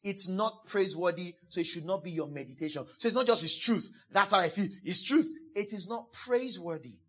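A man with a high, fairly quick and fairly bright voice preaches a sermon as a pastor. He is emphatic, repeating key phrases again and again, and he acts out quoted speakers in a playful voice.

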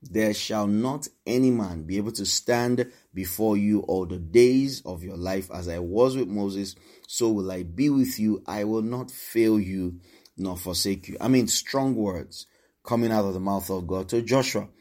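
A man's voice: fairly low pitch, a little slow, mellow. A man preaching a sermon, reading scripture and emphatically repeating encouragements to his listeners. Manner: emphatic, repeats exhortations, shifts pace.

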